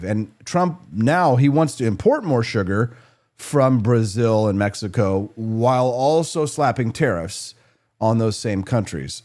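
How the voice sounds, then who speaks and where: Sarcastic talk-show man, lively pitch. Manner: sarcastic, jokey, conversational. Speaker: radio show host. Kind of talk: political talk show monologue.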